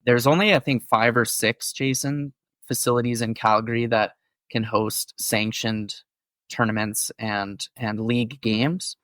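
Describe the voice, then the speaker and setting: A man's voice: medium pitch, steady tone, a little slow, fairly bright tone, dry recording. A man co-hosting a casual sports podcast, explaining topics in an informative way with a few fillers. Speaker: podcast co-host.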